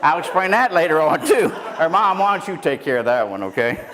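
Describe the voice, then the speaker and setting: A man's voice: fairly high pitch, very animated, a little fast, a bit bright. A man, doing folksy stand-up, telling jokes in a rambling way and chuckling at his own punchlines. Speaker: stand-up comedian. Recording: echoey hall, faint background noise.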